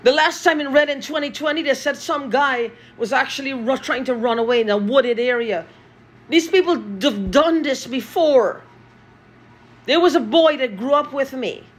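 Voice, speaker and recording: A husky woman, in an agitated vlog monologue. Her voice sits fairly high, and she swears and repeats phrases over and over. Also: moderate pace. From Guyana. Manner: agitated, profane, repeating herself.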